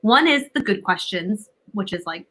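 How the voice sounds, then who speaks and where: A woman's voice: medium pitch, lively intonation, normal speed, fairly bright tone, poor audio. A woman guest on an interview, confidently explaining communication advice and often checking in with "right?". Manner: confident, instructive, emphatic with tag questions. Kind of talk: advice-giving interview talk.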